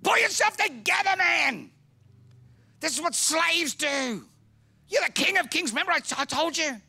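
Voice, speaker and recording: A man acting out an outraged disciple who shouts and pleads in a high strained voice. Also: lively intonation, very fast, gravelly, full character voice. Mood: shouting. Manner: shouting, high-pitched, frantic. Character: outraged apostle Peter, loud and pleading.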